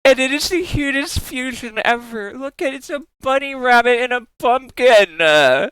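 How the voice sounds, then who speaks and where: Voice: sits high, animated, normal speed, hardly any pauses, a bit bright, clear, resonant tone, no echo. A young adult live streamer chatting casually, giggling often, gushing over cute pictures and swearing freely.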